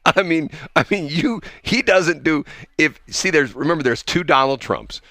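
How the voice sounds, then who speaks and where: Animated rambling radio co-host man. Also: on the high side, normal speed, dry recording. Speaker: radio morning show co-host. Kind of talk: casual radio banter. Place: radio studio.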